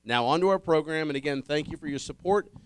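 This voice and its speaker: Smooth-voiced man hosting a dinner forum. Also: on the high side, fast. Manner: upbeat, addressing a dinner audience. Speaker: event host. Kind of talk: public event announcements.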